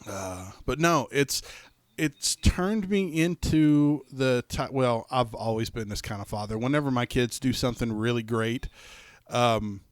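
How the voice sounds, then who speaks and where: A middle-aged man co-hosting a podcast, telling stories in casual chat, animated and rambling with many restarts. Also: medium pitch, unhurried, no room sound. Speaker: podcast co-host.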